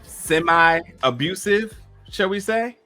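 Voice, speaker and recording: A man's voice: high voice, lively intonation, takes it slowly, sharp tone, soft background music. A man hosting a casual TV recap show, chatting and addressing his viewers. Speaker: TV review podcast host.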